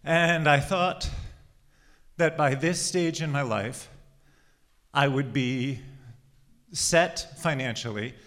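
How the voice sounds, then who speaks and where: A man in his forties, slightly out of breath, tells an audience his life story in a conversational way. His mid-range voice is a bit bright, and he storytells with laughs and pauses.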